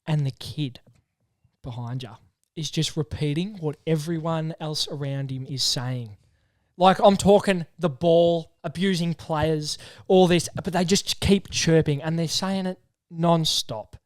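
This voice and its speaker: A man's voice: fairly high pitch, a little slow, darkish tone, no room sound, clean studio sound. A young Australian man co-hosting a casual sports podcast, telling stories and laughing easily. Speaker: podcast co-host. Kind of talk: casual banter.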